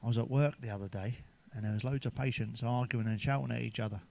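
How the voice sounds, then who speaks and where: A man's voice: medium pitch, steady tone, fast, vocal fry, a little mellow. A man telling crude jokes in a sweary monologue, chuckling at his own punchlines. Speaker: stand-up comedian.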